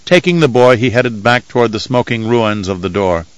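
A man narrating an audiobook in a steady, measured storytelling manner. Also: mid-range voice, smooth, no room sound, low-quality recording. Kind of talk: scripted narration.

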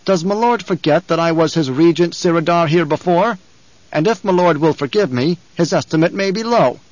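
An eager, fawning young nephew who keeps pressing his point, as a man voices him in an audiobook. His voice sits noticeably higher than the narration and is quick and deferential, on a dry, slightly dull recording. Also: a little mellow, no room sound, natural voice. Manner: deferential, pushy, often cut off.

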